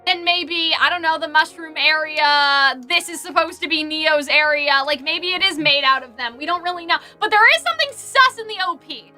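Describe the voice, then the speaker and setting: A woman hosts a relaxed livestream chat, talking in a loose, rambling way full of "like" and "I don't know". Her voice sits very high and sounds sharp and bright. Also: moderate pace, hardly any pauses, soft background music. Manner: chatty, filler-heavy, thinks aloud. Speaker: host. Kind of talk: casual livestream discussion.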